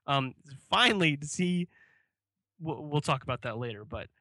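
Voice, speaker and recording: Bright-voiced man co-hosting a sports podcast. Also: a little high, expressive, moderate pace, no room sound. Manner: easygoing, talks through awards. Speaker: podcast co-host. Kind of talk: casual sports chat.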